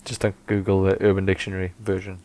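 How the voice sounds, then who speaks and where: Low-pitched man teasing. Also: completely flat delivery, fast talker, darkish tone. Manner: teasing, jumps in with tangents. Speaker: podcast co-host. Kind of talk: casual banter.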